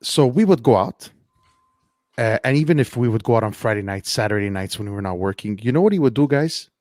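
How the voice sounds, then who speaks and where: A man co-hosting a casual podcast, telling stories in an animated way, repeating words and laughing often. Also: medium pitch, quick pace, no room sound. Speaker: podcast co-host. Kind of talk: casual podcast chat, storytelling. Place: Montreal.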